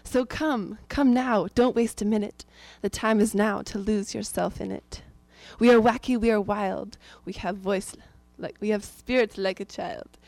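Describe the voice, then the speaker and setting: A woman's voice: mid-range voice, normal speed, gravelly, darkish tone, no echo. A woman from Northern California introduces herself and gives a rhythmic spoken-word poem reading at a live community gathering. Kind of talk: poetry reading then singing with guitar.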